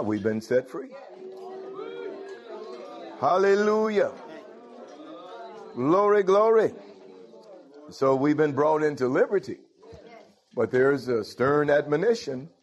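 A man with a mid-range, darkish voice preaches a sermon on dull audio. He breaks in with "Hallelujah" and "Thank you, Lord" and puts questions directly to his congregation.

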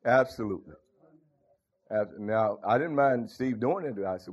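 A man's voice: medium pitch, moderate pace, pauses often, husky. An older man, preaching a folksy sermon full of call-and-response asides. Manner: call-and-response, frequent "huh?" and "thank you, Lord". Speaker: pastor. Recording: dull lo-fi recording.

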